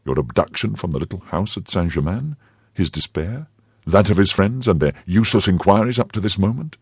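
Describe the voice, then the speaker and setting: A man reading the part of a cunning noblewoman who hides her cruelty behind feigned warmth, with a husky voice. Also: deep voice, lively intonation, fairly quick, no room sound, clean studio sound, heavily acted. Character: cunning noble lady, cold schemer.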